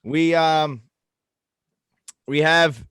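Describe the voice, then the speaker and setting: A man's voice: on the high side, drawn-out words, fairly bright tone, smooth, dry recording. A man co-hosting a podcast over a call, easygoing and rambling with fillers and the odd swear. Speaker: podcast co-host, coach. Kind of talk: casual chat over video call. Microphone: video call setup.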